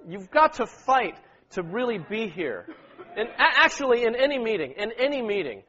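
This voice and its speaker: A man preaching to a congregation in a high, lifted voice, coaxing the room to read along and calling out short prompts. The sound is dull and lo-fi, as from a modest recorder. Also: big pitch swings, moderate pace, pushed and bright. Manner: exhorting, repeats words, prompts the congregation with "okay?" and "amen". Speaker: pastor leading a church meeting. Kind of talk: sermon with group scripture reading.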